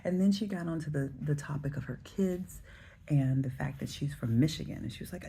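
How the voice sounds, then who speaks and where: Woman, 40s, from the Southern US, travel vlog, mellow tone, gravelly texture, relaxed storytelling. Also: low voice, brisk. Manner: chatty, relaxed, addresses viewers directly. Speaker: travel vlogger. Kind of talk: casual storytelling to camera.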